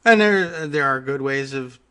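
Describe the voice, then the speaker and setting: A man's voice: medium pitch, expressive, unhurried, a loud crowd. A man hosting a casual political talk show, agreeable and chuckling, often trailing off mid-thought.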